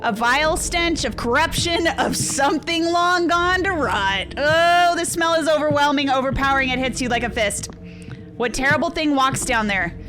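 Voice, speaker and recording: A woman's voice: sits high, normal speed, over music. A young woman streaming, reading a horror text game aloud and reacting with yelps, swears and nervous laughs.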